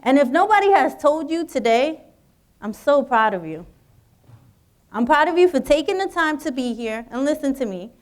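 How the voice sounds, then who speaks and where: High-voiced woman giving a pep talk. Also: very animated, normal speed. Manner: encouraging, addresses audience directly. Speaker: guest speaker. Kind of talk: motivational speech to students. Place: university auditorium.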